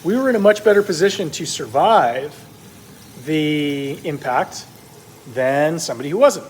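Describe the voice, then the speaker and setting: A man with a slightly high, expressive voice talks a little slowly while cooking, meat searing in his kitchen. This cooking vlogger's casual talk rambles with many ums and uhs, and the low-quality recording has slight background noise.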